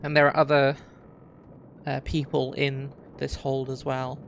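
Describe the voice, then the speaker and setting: A man's voice: mid-range voice, monotone, measured pace, gravelly, background noise. A man narrating a tabletop pirate adventure as game master, with lots of "um" and "like" as he describes the scene. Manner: hesitant, filler-heavy narration. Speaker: dungeon master.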